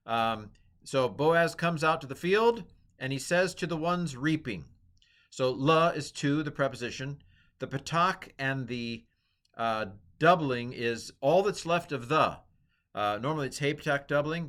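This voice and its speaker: Speaking in a somewhat bright, mid-range voice, a middle-aged teacher walks through Hebrew grammar. The lesson is loose and conversational, and he keeps adding fillers and asides.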